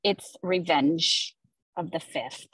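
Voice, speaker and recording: Husky low-voiced woman, playful host. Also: takes it slowly, fairly bright tone, dry recording, poor audio. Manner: playful and enthusiastic, jokey asides. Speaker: host presenting weekly social media content. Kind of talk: casual chat on a video call.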